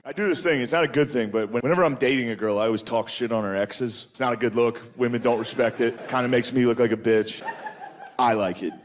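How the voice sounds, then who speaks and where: A man's voice: mid-range voice, fast. A man in his thirties doing stand-up comedy, laid-back and crude, mocking people and acting out characters.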